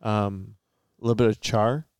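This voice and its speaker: A man from Michigan co-hosting a casual podcast chat, talking in a measured, deliberate way. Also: fairly low pitch, little pitch movement, a little mellow, clean tone. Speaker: podcast co-host.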